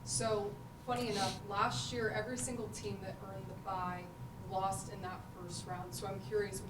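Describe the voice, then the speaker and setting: Distant woman reporter in an echoey room. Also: mid-range voice. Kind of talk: press conference questions. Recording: distant, echoey room mic with loud noise.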